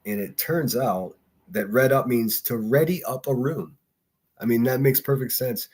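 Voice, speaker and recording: A man's voice: mid-range voice, a little slow, a little mellow, husky. A man from Pittsburgh with a faint Pittsburgh accent, hosting a casual solo livestream and chatting with chat in a rambling, profane way. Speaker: livestream host.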